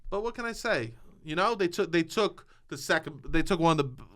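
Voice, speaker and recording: A man co-hosting a podcast, chatting excitedly and laughing a lot, sometimes acting out bits for a joke. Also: a little high, fairly quick. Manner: animated, laughs a lot, jokingly acts out a character. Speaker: podcast co-host. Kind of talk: excited casual chat.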